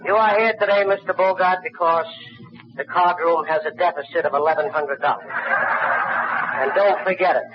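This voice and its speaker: A man roasting a guest of honor from the head table. His voice sits fairly high and he swings from fake sincerity to loud, crude jabs. The recording is a muffled, noisy archival banquet tape. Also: fairly even intonation, a little fast. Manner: mock-sincere build-ups that rise into loud, profane punchlines. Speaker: master of ceremonies at a roast. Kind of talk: comic roast speech. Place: banquet hall.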